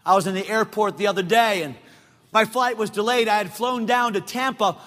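High, bright-voiced shouting preacher man. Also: brisk. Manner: emphatic, often shouting, repeating phrases for effect. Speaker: pastor. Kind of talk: sermon. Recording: long reverb of a large hall.

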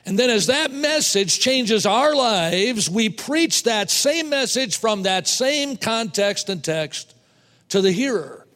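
A man preaching a sermon to fellow preachers, emphatic, repeating words and slowing down to stress points. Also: high-pitched, expressive, fairly bright tone, big-room sound. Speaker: preacher teaching other preachers.

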